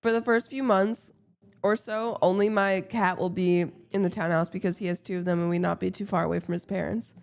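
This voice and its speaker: A woman's voice: on the low side, fairly even intonation, fairly quick, vocal fry, darkish tone. A woman streamer chatting casually with her viewers, blunt and playful, swearing freely.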